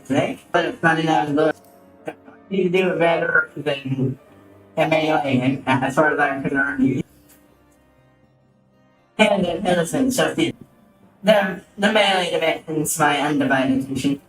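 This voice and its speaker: Slightly high and fairly bright, this man's voice comes through a distant mic in a roomy space with faint music behind it. He's streaming a game, commenting casually in a rambling, swearing way that constantly interrupts itself.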